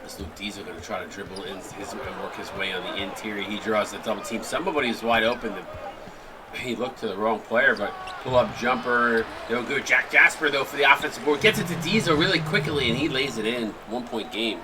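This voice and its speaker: A man from Long Island with a Long Island accent, calling a basketball game play by play with rapid, excited calls. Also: lowish voice, background noise. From Long Island, New York. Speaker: play-by-play commentator. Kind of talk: sports play-by-play commentary.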